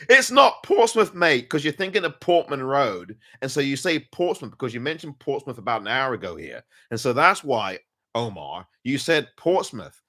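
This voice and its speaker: Bright and forceful at a medium pitch, an English podcast host chats casually after a football match. He pokes fun at his own slip-ups, chuckling and calling himself by name as he teases himself.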